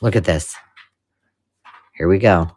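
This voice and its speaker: A woman hosting a live craft unboxing, chatting casually and gushing over old paper finds, sometimes dropping to a hushed whisper. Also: rumbling low, slow, husky. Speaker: craft channel host.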